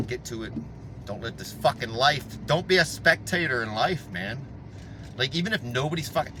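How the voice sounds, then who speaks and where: Fitness vlogger type, man, car rant, crude and fired up, bright lively voice, faint road hum. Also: on the high side. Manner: blunt, heavy swearing, animated. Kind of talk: profane motivational rant. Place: inside a car.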